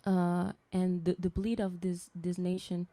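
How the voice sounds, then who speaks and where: A woman speaks slowly and haltingly, stopping often to restart her sentences as she gives personal testimony. Her voice sits low and dark, with a flat, even delivery. The sound is dry and close. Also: no room sound. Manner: hesitant, searching for words with many restarts. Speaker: guest speaker.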